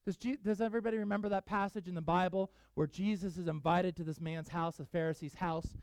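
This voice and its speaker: A man's voice: high-pitched, steady tone, fast talker, darkish tone, no room sound. A man preaching a sermon, earnestly acting out the voices of the people in the stories he tells. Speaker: pastor.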